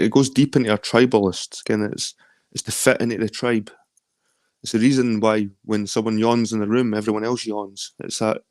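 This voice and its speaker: A man's voice: on the low side, no room sound, studio quality. A man with a Scottish accent in a rambling, casual late-night chat, swearing freely. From London. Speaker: chat guest.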